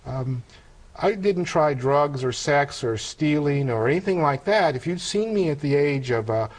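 An older man giving a personal testimony in conversation, earnest and reflective, with halting restarts. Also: a little high, animated, poor audio. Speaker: interview guest telling a conversion story.

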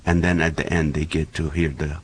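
A man in his forties, a comedian guest on a chat show, who talks in an animated, joking way. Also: a bass voice, brisk, breathy edge. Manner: animated and joking, laughs often. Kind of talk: casual chat with comic bits.

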